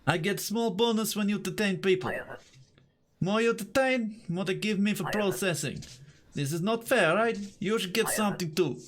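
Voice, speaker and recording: Game read-out: a man doing a whiny underpaid border guard, mock Russian accent, pitched up, halting broken phrasing. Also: lightly acted. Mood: wheedling, aggrieved. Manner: stilted broken speech, higher than his own voice. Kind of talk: reading game dialogue aloud.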